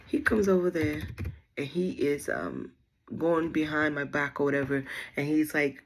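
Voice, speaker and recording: A woman's voice: low voice, animated, normal speed, a little hiss or hum. A young woman, chatting to her viewers as she retells a story with lots of quoted dialogue. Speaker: vlogger.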